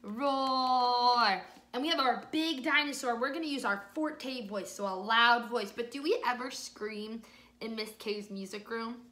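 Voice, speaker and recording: A woman music teacher reads a picture book aloud to young children in an echoey room, slow and exaggerated, mixing encouraging praise, sung bits and swings between whispers and loud moments. Her voice is a little high, and the session doubles as a storytime and music lesson.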